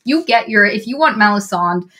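A woman casually retelling a book's plot on a podcast, animated and swearing freely. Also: mid-range voice, moderate pace. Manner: animated retelling with swearing, acting out lines of the characters. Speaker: podcast co-host.

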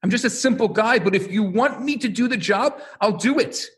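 A man's voice: sits high, normal speed, voice pushed up, natural voice. A man voicing a humble, self-doubting older male prophet who speaks earnestly and pleadingly.

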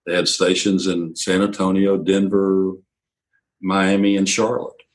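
A man's voice: low voice, measured pace, poor audio. Older man telling radio-career stories. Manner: anecdotal, quotes others in lively bursts. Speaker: interview guest, radio executive. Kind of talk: storytelling interview.

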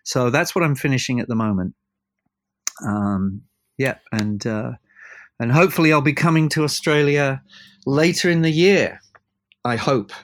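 A record producer, a man, telling animated anecdotes in an interview and acting out the voices of the people in them. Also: medium pitch, normal speed. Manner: animated anecdotes, acts out quoted voices, laughs. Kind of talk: storytelling interview chat. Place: abroad from the host, evening.

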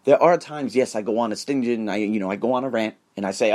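An American man hosting his own podcast, giving a high-energy, emphatic motivational monologue with plenty of profanity. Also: expressive, fast talker, few pauses, darkish tone. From United States. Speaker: podcast host.

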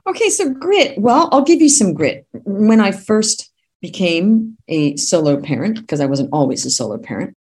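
A woman business coach, a podcast guest, telling her story in an emphatic, animated way. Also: mid-range voice, normal speed, slightly rough. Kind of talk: podcast interview.

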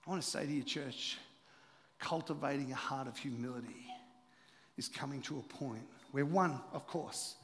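A man preaching a sermon as pastor, joking with the congregation and sometimes dropping to a hushed voice for emphasis. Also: medium pitch, moderate pace, in a large hall, slight background noise. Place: church auditorium.

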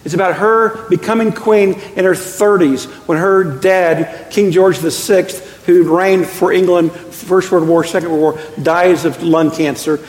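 A middle-aged man preaching a sermon as pastor, an animated storyteller with quick self-deprecating asides. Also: high voice. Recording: echoey hall with long reverb.

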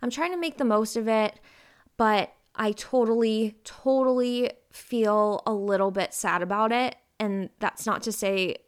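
Smooth-voiced young woman chatting openly. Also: fairly high pitch, a little slow. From Ohio. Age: 20s. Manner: chatty, open and confessional, with lively bursts of emphasis. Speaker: podcast host. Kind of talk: casual personal chat.

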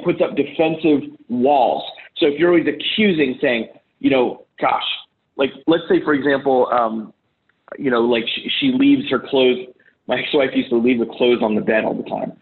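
A man's voice: mid-range voice, moderate pace. A man giving casual relationship advice to other men, blunt and profane, acting out heated arguments in quoted lines. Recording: phone-like lo-fi audio.

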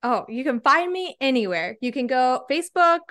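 A woman's voice: high-pitched, normal speed. A woman guest, a body-confidence coach, speaking with passion and emphasis in an interview. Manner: energetic, emphatic, tag questions like "right?".

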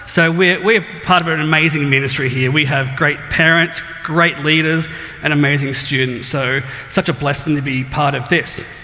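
A man's voice: fairly high pitch, fairly even intonation, normal speed, pushed and bright. A man in his thirties with an Australian accent, a student ministries pastor joking with the congregation and quizzing them at the start of a sermon. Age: 30s. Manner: joking, self-deprecating, quizzes the crowd. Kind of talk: casual sermon opening with audience quiz. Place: church auditorium. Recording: long hall reverb in church.

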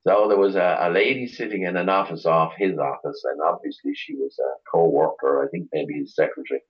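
A man's voice: deep voice, steady tone, brisk, breathy edge, highs cut off. A middle-aged Irish man chatting as an interview guest, telling rambling stories with many restarts. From Ireland. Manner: rambling storyteller, frequent restarts. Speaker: guest, chauffeur tour operator. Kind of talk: casual interview chat.

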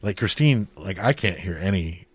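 A man's voice: low-pitched, animated, moderate pace, slightly rough, no room sound. A man co-hosting a podcast in casual chat, rambling with lots of fillers and profanity. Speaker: podcast co-host.

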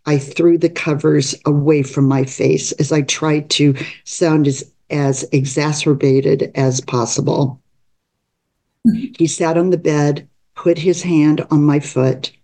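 Slow, mellow-voiced woman in her seventies. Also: low voice. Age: 70s. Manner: slow, measured reading. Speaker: guest reading her own written story. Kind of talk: reading a personal memoir aloud.

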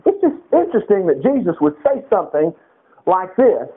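A middle-aged male pastor preaching with a high, lively voice that swings up and down. He reads scripture and drops into casual asides. The recording is thin and phone-like. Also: normal speed, slightly rough. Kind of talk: sermon.

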